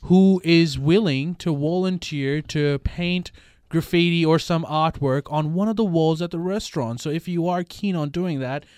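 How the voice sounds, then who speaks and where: A man's voice: on the high side, moderate pace, few pauses, a little mellow, clean tone, dry recording, clean studio sound. A man co-hosting a podcast, steering the chat and making an announcement in casual banter. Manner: steers the show, makes announcements. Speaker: podcast co-host.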